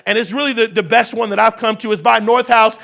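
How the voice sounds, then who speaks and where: A man's voice: high voice, steady tone, fast talker, gravelly. A man in his thirties giving a motivational keynote on leadership, prompting the audience to repeat words and driving points home with emphatic repetition. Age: 30s. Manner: call-and-response with the audience, rising to shouts. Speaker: keynote speaker.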